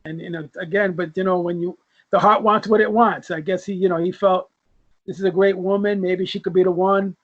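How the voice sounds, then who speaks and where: A man with a fairly high voice speaks as a guest on a comic book discussion. His audio sounds dull and lo-fi. He laughs often and repeats words while he gathers his thoughts. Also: steady tone, fairly quick.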